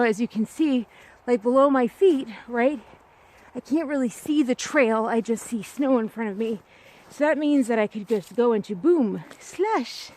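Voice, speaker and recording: A young woman talks to a handheld camera while walking a snowy, muddy trail outdoors. Her voice sits a bit high, and she rambles in a casual, self-deprecating way. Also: darkish tone. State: upset, close to tears. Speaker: vlogger.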